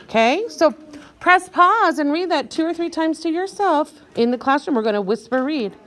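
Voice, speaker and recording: High, animated woman teaching early reading. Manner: animated, encouraging, sounds out words slowly. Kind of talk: guided reading lesson for young children.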